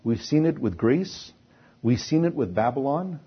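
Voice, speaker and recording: Canadian pastor guy preaching a sermon, kinda husky, does sarcastic mock voices, muffled lo-fi recording. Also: medium pitch, expressive, moderate pace.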